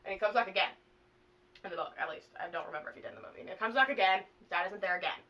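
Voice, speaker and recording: A young woman vlogger casually retelling a plot to a friend, animated and full of swearing and fillers. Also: mid-range voice, racing, distant mic, slight background noise, rough recording.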